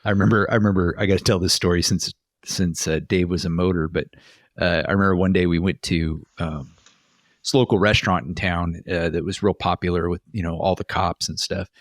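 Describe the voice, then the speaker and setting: A man's voice: deep voice, steady tone, a little fast, no echo, studio quality. A man co-hosting a podcast, a former police officer telling stories in a chatty way with many fillers and restarts. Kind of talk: casual podcast chat.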